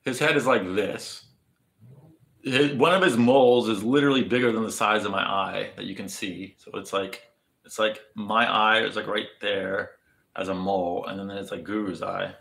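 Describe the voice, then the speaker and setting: A man's voice: lowish voice, fairly even intonation, normal speed, gravelly, fairly bright tone, roomy sound. A man livestreaming, chatting casually with viewers in a crude, rambling way full of restarts. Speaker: livestreamer answering chat.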